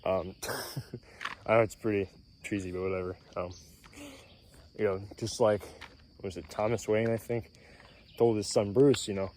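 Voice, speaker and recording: A man vlogging outdoors in casual self-improvement talk, a little out of breath, rambling and clearing his throat, often tagging "right?". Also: fairly low pitch, steady tone, unhurried, long pauses, a little mellow. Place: outdoors in nature, mosquitoes around. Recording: faint outdoor noise with insects.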